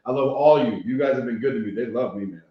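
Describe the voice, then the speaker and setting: Man from Chicago, interview guest, animated storytelling, swears a lot, very echoey room, muffled sound. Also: mid-range voice, quick pace. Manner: animated storyteller, swears freely, frequent "right?" tags. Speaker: guest, rehab consultant. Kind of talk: casual podcast interview.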